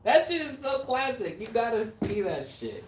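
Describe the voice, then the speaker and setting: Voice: mid-range voice, distant mic. A horror filmmaker hosting a casual livestream chat. The host rambles and swears freely. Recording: roomy echo, mic set back, faint noise.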